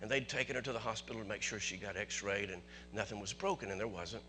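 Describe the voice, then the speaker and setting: A man pastor telling a personal story in a sermon in church, chatty at first and rising to excited preaching. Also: on the low side, fast talker, a little hiss or hum. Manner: conversational, builds to excited preaching.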